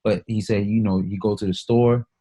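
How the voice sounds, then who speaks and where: A man with a lowish voice holds forth in a casual podcast chat. He is emphatic and swears freely as he works stories and jokes into a passionate argument. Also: steady tone, normal speed, mellow. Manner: emphatic, profane, storytelling.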